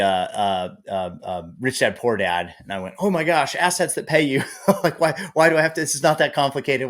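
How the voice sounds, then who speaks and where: A man in his thirties, a podcast guest telling his story with lively, acted-out asides. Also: medium pitch. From Boise, Idaho area. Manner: animated storyteller, acts out his own past thoughts. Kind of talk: podcast interview.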